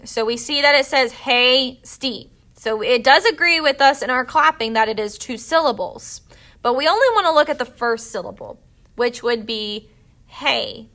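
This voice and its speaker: A woman's voice: a little high, sharp tone. A woman teacher walking students through a reading passage step by step, patient and explanatory. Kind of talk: classroom reading lesson.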